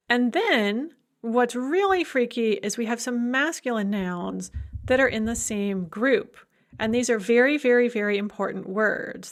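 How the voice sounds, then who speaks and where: Slow, deliberate woman lecturing. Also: on the high side. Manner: slow, deliberate explaining with enthusiastic asides. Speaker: Russian language lecturer. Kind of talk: recorded grammar lecture.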